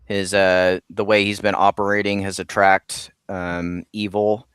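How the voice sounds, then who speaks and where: A man with a lowish, smooth, clear voice talks as a guest in a casual interview. He rambles along with lots of ums and restarts. The sound is dry and close. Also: level tone, a little slow, a bit bright, dry recording. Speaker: comic creator guest.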